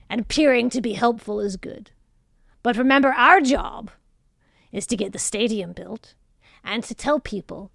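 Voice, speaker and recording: A woman voicing a bossy, scheming female boss with a shrill, loud voice in a tabletop game. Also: creaky, no room sound, clean studio sound.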